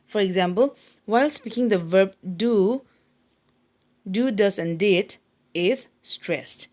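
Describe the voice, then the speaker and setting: A woman's voice: medium pitch, slow pace, darkish tone. Patient woman teaching English grammar. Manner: patient, repeats points and checks understanding. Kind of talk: classroom grammar lesson.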